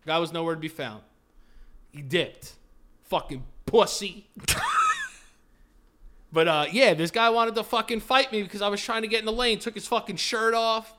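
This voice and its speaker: A man with a bright, slightly high voice tells a story on a casual podcast. He swears freely, acts out the other people in it and laughs at his own telling. His tone stays loose and lively. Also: normal speed, pauses often, slight background noise. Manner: animated, profane, laughing storyteller. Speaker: podcast host.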